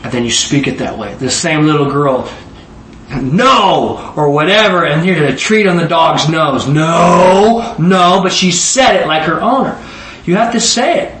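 A man in his forties preaches with a fairly high, animated voice. He keeps throwing questions out to the room, and his voice is caught from some distance in a roomy, echoing space with faint background ambience. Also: fairly quick, a little hiss or hum. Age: 40s. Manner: animated, conversational, asks the audience questions. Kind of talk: sermon. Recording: roomy echo, voice from far off.

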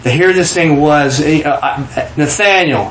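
A man's voice: on the high side, unhurried, a bit bright, echoey room, slight background noise, poor audio. A man from Kansas telling a personal testimony in a casual storytelling way, acting out the quoted voices with frequent restarts. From Kansas, USA.

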